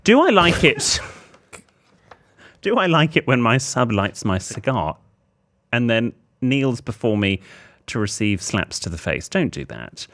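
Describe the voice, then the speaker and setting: A man's voice: mid-range voice, fairly bright tone. A man co-hosting a comedy podcast, reading a listener's letter aloud in a theatrical way with apologetic asides.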